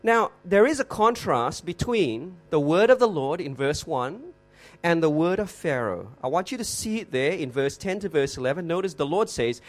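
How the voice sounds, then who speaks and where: Male preacher, fairly high voice, lively swooping delivery, emphatic and repetitive for effect. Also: soft background music. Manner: emphatic, slows and repeats for effect, rhetorical questions. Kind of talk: expository sermon.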